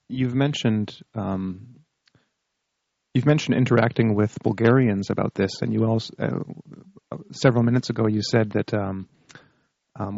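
Host asking questions, dark gravelly voice, dry dull lo-fi sound. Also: mid-range voice, no room sound. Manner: hesitant, filler-heavy questions. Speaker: interviewer, host. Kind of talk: interview questions.

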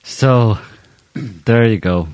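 A man co-hosting a casual political chat, agreeable and quick with short yeahs. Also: on the low side, darkish tone, no echo. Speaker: podcast co-host.

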